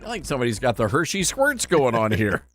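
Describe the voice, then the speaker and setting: A man's voice: mid-range voice, wildly swooping pitch, fast talker, a bit bright, slight background noise. A man hosting a talk radio show, joking and bantering playfully with his co-host and callers.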